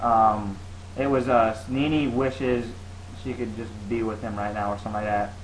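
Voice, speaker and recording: A man's voice: lowish voice, steady tone, moderate pace, a little hiss or hum, poor audio. A man co-hosting a casual chat show, telling stories with lots of restarts and filler words. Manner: rambling storyteller, many restarts and fillers. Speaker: podcast co-host.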